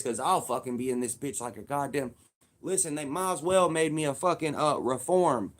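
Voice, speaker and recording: Thirties man with a slightly high voice, heated and profane, talks straight at the camera. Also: a little fast. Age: 30s. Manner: profane, heated, repetitive, emphatic. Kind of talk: casual political rant.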